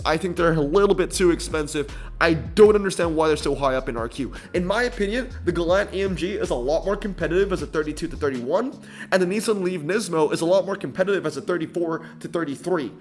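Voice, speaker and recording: A man giving irritated gameplay commentary, ranting in an animated way with frequent fillers and restarts. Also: high voice, brisk. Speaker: mobile racing game commentator.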